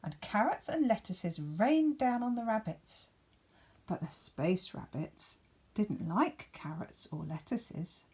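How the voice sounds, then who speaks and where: Teacher reading to young children: sing-song, playful, unhurried, slightly husky woman's voice. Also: mid-range voice. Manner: expressive, playful storytelling with whispered asides. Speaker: primary school teacher. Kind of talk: reading a picture book aloud to children.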